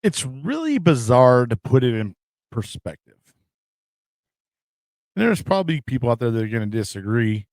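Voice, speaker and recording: A man's voice: medium pitch, sing-song, normal speed, pauses often, a little mellow, dry recording. A man in his forties, a podcast host and Marine veteran, musing in a casual, rambling way. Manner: rambling, filler-heavy. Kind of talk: casual reflective chat.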